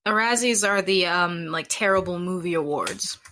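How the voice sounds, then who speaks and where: A woman's voice: fairly low pitch, normal speed, pushed and bright. A woman co-hosting a podcast in casual chat, talking in a chatty, hesitant way.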